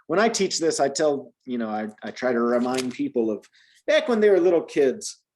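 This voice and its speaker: A man from the United States giving a one-on-one Spanish lesson to a beginner. He explains patiently, backing up and restarting his sentences, and his pitch jumps up and down with lively emphasis. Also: moderate pace, a little hiss or hum. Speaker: Spanish teacher.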